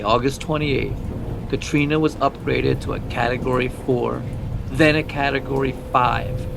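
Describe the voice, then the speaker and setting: A man's voice: mid-range voice, creaky, background noise. A man co-hosting a podcast, reading scripted true-crime narration with casual asides. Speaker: podcast co-host.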